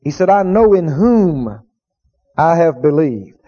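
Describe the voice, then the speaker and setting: A man's voice: on the high side, sing-song, slow pace, dark tone, slightly rough. A man preaching a sermon, emphatic, repeating key phrases and drawing out quoted scripture. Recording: dull lo-fi recording.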